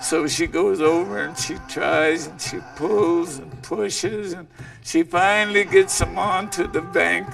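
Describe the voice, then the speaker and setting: A male storyteller recounts a legend in a slow, unhurried way. His voice sits high for a man and is heavily gravelly. It sounds distant, as if he is recorded from some way off the mic. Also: expressive, a bit bright, soft background music. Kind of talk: oral legend telling.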